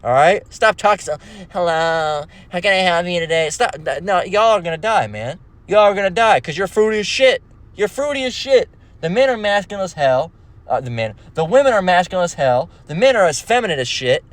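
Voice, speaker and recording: A man's voice: high-pitched, big pitch swings, a little fast. A man in an aggressive, scornful religious rant, full of cursing and mockery. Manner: aggressive, scornful, mocks others in put-on voices. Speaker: religious video preacher.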